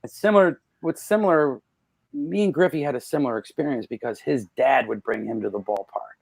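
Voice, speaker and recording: A podcast guest with a brisk, creaky voice shares casual stories, recorded without any room sound. When quoting others he performs them, leaping loudly up in pitch.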